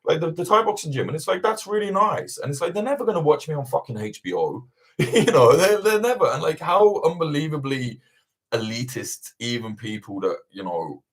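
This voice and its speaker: A young man hosting a livestream Q&A, chatting casually, swearing a lot and ranting with animated energy. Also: on the high side, a little fast, husky. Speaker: livestream host answering viewer questions. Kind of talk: casual chat.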